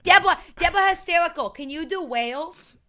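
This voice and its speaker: A woman improvising on a comedy podcast, teasing and animated. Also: extremely high pitch, brisk.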